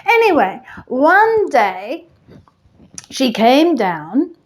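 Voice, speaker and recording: A woman's voice: high-pitched, sing-song, drawn-out words, exaggerated voice. A woman playing a flippant, gossipy goddess queen of the underworld in a chatty comic monologue full of "like" and "you know".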